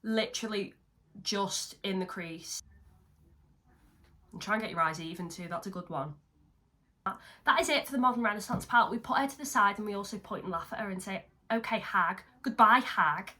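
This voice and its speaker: This makeup vlogger is a young woman sitting at home, chatting loosely through a tutorial with self-mockery and the occasional swear word. Her medium-pitched voice is bright and forceful, moving fairly quickly with frequent pauses.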